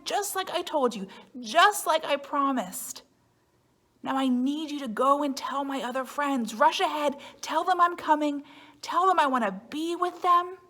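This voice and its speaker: Storybook Jesus, a grown man bursting with joy and urgency, read by a high-voiced woman. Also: exaggerated voice. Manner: excited, warm, urgent. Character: joyful risen Jesus, adult man, eager to reunite.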